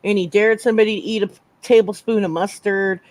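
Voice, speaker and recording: A woman's voice: medium pitch, fairly even intonation, brisk, a little mellow, no room sound. A woman hosting a casual livestream chat, talking emphatically with a lot of swearing and laughter. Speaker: host.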